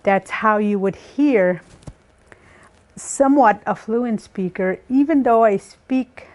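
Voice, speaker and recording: Woman, Saskatchewan Cree accent, patient language teacher, slow and careful delivery. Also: on the high side, a little mellow, lo-fi sound. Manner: slow and careful, breaks words into syllables. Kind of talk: recorded language lesson.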